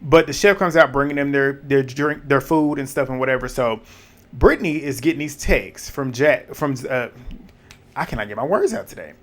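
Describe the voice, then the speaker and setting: Man giving a blunt, animated recap. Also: medium pitch, normal speed. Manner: animated and blunt, swears, laughs, repeats reactions. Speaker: reality TV recap YouTuber. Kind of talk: casual recap commentary.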